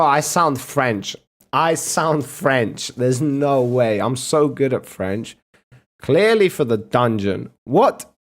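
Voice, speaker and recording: Male streamer, crude and mocking, unhurried drawl, mid-range pitch. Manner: profane, mocking, drawn-out. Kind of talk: casual reaction commentary.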